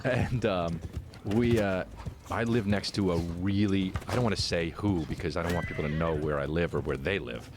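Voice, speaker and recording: A man's voice: low voice, moderate pace, noisy background. A man who is a comedian, chatting casually and telling a story with lots of swearing. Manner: animated storytelling, swearing freely. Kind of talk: casual chat.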